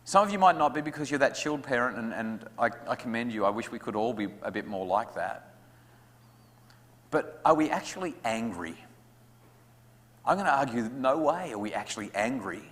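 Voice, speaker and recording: An Australian man addresses a room of parents in a relaxed, joking way, and his voice sits at a middle pitch. His voice carries a long reverb from a large school hall. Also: normal speed, pauses often. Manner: conversational and humorous, acts out parents' lines. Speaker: guest speaker on parenting. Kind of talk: public talk to parents.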